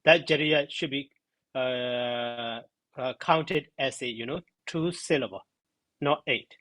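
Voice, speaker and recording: Brief: man teaching grammar in a halting, step-by-step way, mid-pitched voice, dry close sound. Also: a bit bright, no echo, low-quality recording. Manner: slow, halting, counts syllables aloud one by one. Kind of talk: spoken lesson.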